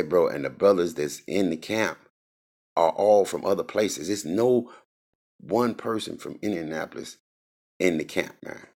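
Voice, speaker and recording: A man's voice: rumbling low, vocal fry, a little mellow. A man ranting in a casual, profane, rambling monologue, heated and restless. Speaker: host. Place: Indianapolis.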